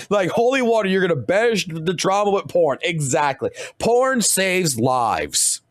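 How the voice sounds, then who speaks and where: A young man streaming, ranting crudely with constant cursing and animated outbursts. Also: sits high, normal speed, no room sound, studio quality. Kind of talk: profane ranting commentary.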